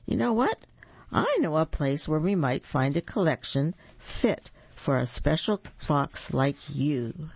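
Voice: mid-range voice, sing-song, takes it slowly, gravelly, darkish tone, slightly rough, no echo, full character voice. A storyteller voicing a kindly, reassuring father fox, in a dull, dry lo-fi recording.

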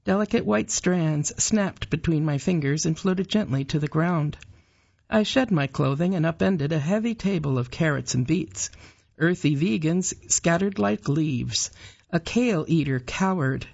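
Woman reading an audiobook, steady pace, bit of vocal fry, muffled lo-fi sound. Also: sits low, measured pace. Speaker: audiobook narrator. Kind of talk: scripted narration.

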